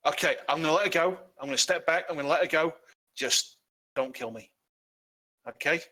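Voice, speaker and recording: A man's voice: medium pitch, fairly even intonation, brisk, pushed and bright, natural voice. A man voicing a desperate male halfling who holds a hostage at knife point, with jittery, stammering threats. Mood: pleading.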